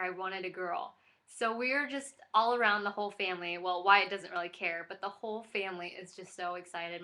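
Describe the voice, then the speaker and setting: A woman's voice: medium pitch, pushed and bright. A young woman vlogging casually to camera, gushing and giddy with lots of fillers.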